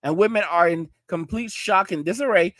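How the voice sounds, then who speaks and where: Emphatic high-voiced male commentator. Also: normal speed, fairly bright tone, no room sound. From New York. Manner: emphatic, repeats "all right?". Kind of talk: reaction commentary.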